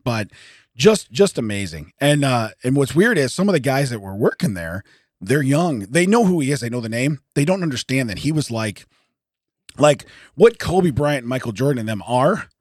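Hoarse man telling an animated story. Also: mid-range voice, moderate pace, dry recording, clean studio sound. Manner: animated, laughs often, acts out the people he quotes. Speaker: podcast co-host. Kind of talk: casual chat, telling a story. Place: podcast studio.

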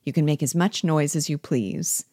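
A woman reading aloud, voicing a self-assured husband who soothes his wife in a measured, condescending way. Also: deep voice, mellow, no room sound, studio quality. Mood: patronizing.

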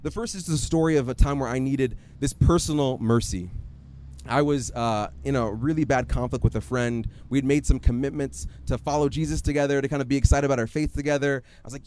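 A man preaching a sermon in a conversational, animated storytelling way, often acting out his own asides. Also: mid-range voice, a little fast, slight background noise. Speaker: pastor.

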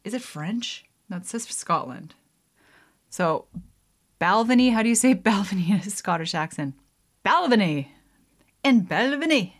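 Chatting casually to camera while making a drink at home, a woman vlogger speaks in an animated, medium-pitched voice at a normal pace. She giggles, rambles, teases herself, and leans heavily on "like" and "um."

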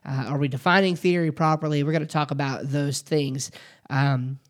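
A man's voice: a little high, fairly even intonation, moderate pace. A man hosting a podcast lesson, talking it through with many fillers and restarts. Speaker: podcast host.

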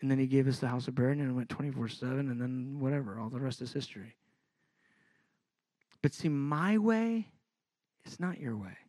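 A middle-aged man, preaching a sermon in a conversational, animated way that builds in intensity. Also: medium pitch, normal speed, pauses often, no echo.

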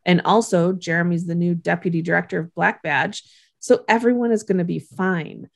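A woman's voice: lowish voice, steady tone, normal speed, gravelly. A woman co-hosting a podcast, casually recapping a TV episode scene by scene and often laughing as she goes.

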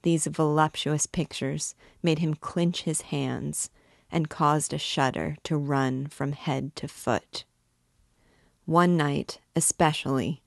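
Woman reading a classic novel aloud, low voice, unhurried, no room echo at all. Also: vocal fry, clean studio sound. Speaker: book reader and guide.

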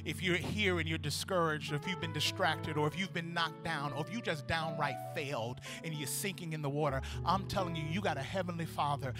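A male pastor preaching a sermon, animated and building to loud, fervent praise, acting out voices from the story. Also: fairly high pitch, brisk, hardly any pauses, music in the background.

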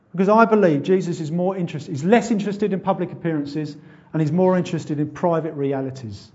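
A man delivers a sermon with conviction, leaning on rhetorical questions and swelling into loud, urgent exhortations. His voice sits a little high. The recording is somewhat dull and muffled. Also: brisk. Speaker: preacher.

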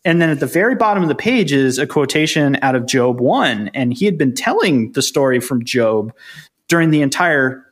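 A man with a mid-range voice chatting on a podcast. He explains things briskly to the listeners. He chuckles often between points. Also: medium pitch, expressive. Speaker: podcast co-host. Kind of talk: casual chat.

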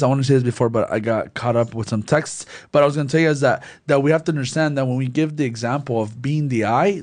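A man's voice: a little high, darkish tone. A young man talking casually about faith and grudges, rambling with many restarts. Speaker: co-host of a faith discussion.

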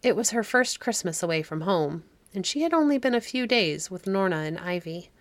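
A woman narrating a classic fairy-tale audiobook in a measured storytelling manner. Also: mid-range voice, animated, no echo.

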